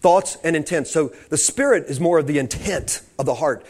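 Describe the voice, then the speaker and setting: A male pastor preaching, rambling through anecdotes with frequent restarts before rising into fervent emphasis. His voice sits a little higher than most men's. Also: moderate pace, hardly any pauses, darkish tone. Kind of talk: sermon.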